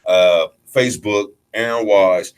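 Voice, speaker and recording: A man's voice: on the low side, fairly even intonation, slow pace, clean tone, low-quality recording. A young man from Pennsylvania, a rapper guest on a radio show, talking loosely and spelling out his handles. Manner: laid-back, swearing, spells out names. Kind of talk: casual radio chat.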